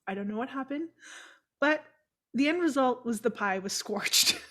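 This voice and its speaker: A woman's voice: high-pitched, lively intonation, moderate pace, fairly bright tone. A young adult woman co-hosting a casual chat show, swearing freely, laughing often and telling stories with animation. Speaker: podcast co-host.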